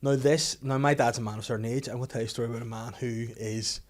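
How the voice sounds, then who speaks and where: A man's voice: medium pitch, very fast. Chatty Northern Irish man telling stories. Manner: animated, laughing storyteller with lots of restarts. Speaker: podcast co-host. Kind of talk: casual storytelling chat.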